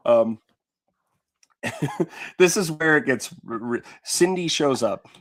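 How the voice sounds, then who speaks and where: A man's voice: mid-range voice, expressive, takes it slowly. Man, podcast co-host, casual recap, rambling, filler-heavy. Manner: rambling, many fillers and restarts, retelling scenes. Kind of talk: casual movie recap chat.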